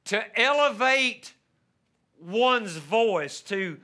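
A man preaching a sermon as pastor, with measured delivery that rises into impassioned pleading and a habit of repeating words as he starts a sentence. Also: high-pitched, lively intonation, sharp tone.

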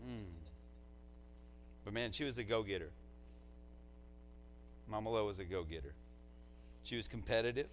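Heartfelt pastor giving a eulogy. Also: male voice, fairly low pitch, moderate pace, long pauses, slight background noise, low-quality recording. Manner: conversational and heartfelt, fillers like "man".

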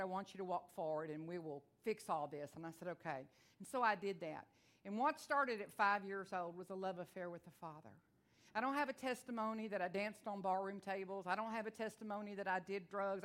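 Fervent Texan woman preacher. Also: medium pitch. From Texas. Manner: fervent, builds to loud declarations; storytelling, folksy. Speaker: guest preacher. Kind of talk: testimony sermon.

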